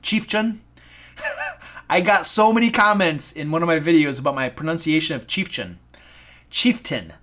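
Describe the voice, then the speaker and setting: A man from Michigan with a Michigan accent, hosting a casual live stream as a dungeon master, excitable, goofy and self-deprecating. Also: a little high, normal speed. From Michigan, USA. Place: home room.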